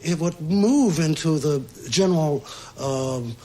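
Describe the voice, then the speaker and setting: A man in an archival interview, explaining things in a relaxed way, pausing with fillers. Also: a little high.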